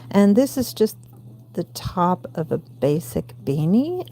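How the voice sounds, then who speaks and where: Southern lady in her 40s, gravelly low-ish voice, crochet stream at home, counts stitches out loud. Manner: counts stitches aloud, chatty asides. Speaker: crochet livestream host. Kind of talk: casual crochet tutorial chat.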